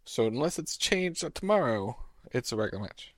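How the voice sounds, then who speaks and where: A man hosting a podcast, firing off brisk questions and keeping things moving. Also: mid-range voice, sing-song, no room sound, studio quality. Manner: brisk, directive. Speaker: podcast host. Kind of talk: quick-fire questions.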